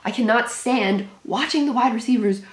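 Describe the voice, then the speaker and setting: A woman's voice: a little high, moderate pace, reverberant. A young woman hosting a live reaction to a football game, anxious and exclaiming, often repeating herself. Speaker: sports channel host reacting live.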